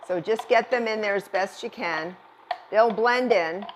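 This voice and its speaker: A woman's voice: mid-range voice, unhurried, noisy background. A middle-aged woman chef giving a cooking demonstration, chatty and reassuring, often repeating words for emphasis.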